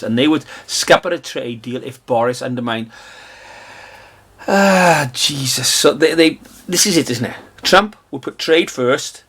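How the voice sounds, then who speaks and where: A British man delivers a combative political rant. His voice is husky and sits at an ordinary pitch. He lurches between loud, mocking outbursts and low, contemptuous mutters. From Britain. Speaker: political commentator.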